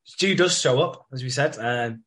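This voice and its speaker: Co-hosting a podcast, a man rambles through a soap recap in casual chat, with many fillers and some swearing. He speaks at normal speed in a mid-range, fairly bright voice.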